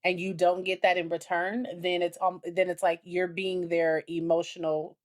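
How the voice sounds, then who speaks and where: A woman co-hosting a married couple's podcast, telling stories in a rambling, animated way with many fillers. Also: on the low side, normal speed. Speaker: podcast co-host. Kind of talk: casual chat.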